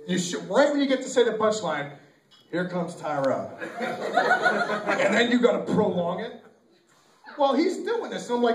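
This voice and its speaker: A young amateur comedian tells a loose, rambling joke, stumbling and correcting himself as he goes. His voice sits high for a man and sounds distant and roomy, as if taped by a camcorder across a small club. An audience laughs faintly behind him. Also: huge pitch swings, unhurried, pauses often. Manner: rambling, loose and self-correcting, with lots of fillers. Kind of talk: stand-up routine at an open mic. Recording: echoey room taped from far off on a camcorder.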